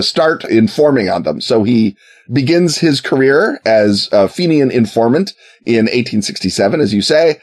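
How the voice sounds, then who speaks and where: A man telling a history story in a casual, wry way, with joking asides and quick put-on voices for quoted people. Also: medium pitch, darkish tone.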